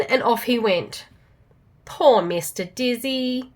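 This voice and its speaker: Aussie mum storyteller for kids, lively and rather high voice. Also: female voice, moderate pace. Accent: Australian. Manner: expressive, animated reading. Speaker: children's storyteller. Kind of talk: storybook read-aloud for children.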